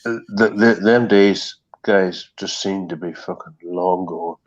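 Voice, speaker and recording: Deep-voiced and slow, with a steady tone, a middle-aged man from Northern Ireland rambles profanely as co-host on a stream's online call. He fills his talk with ums and restarts, and the recording sounds dull and low-fidelity.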